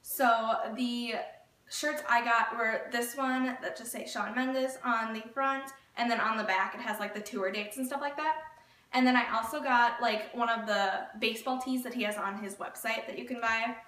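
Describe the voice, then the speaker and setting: A woman's voice: a little high, steady tone, normal speed, pushed and bright. A woman vlogger telling a story in a gushing, chatty way, with lots of filler words. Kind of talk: casual storytelling vlog. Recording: echoey room, mic at a distance.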